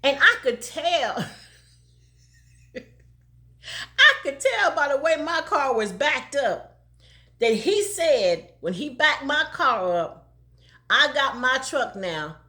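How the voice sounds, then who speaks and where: Older woman, animated storyteller, swooping pitch, country drawl. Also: slow, long pauses. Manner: animated, laughing often, country dialect. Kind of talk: casual storytelling.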